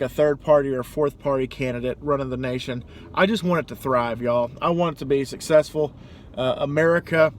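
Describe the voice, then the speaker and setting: A young man talking casually in a rambling vlog monologue, now and then doing loud high-pitched impressions. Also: slight background noise. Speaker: vlogger.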